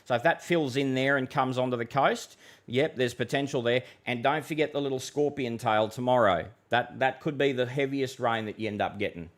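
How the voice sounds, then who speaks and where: A man's voice: mid-range voice, normal speed. An Australian man hosting a live weather stream, reading out viewers' questions and answering in a blunt, casual way, calling people mate and bud. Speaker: weather forecaster host.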